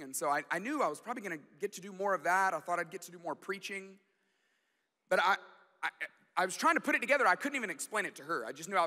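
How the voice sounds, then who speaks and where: High bright-voiced man preaching. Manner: animated, self-deprecating storytelling with restarts. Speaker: guest pastor. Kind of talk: storytelling sermon. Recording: long hall reverb.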